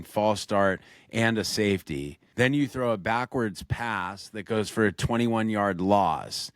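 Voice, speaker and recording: A man's voice: on the low side, clear, resonant tone, no room sound, studio quality. A man co-hosting a casual sports podcast, walking through game scenarios step by step and putting questions to his co-host.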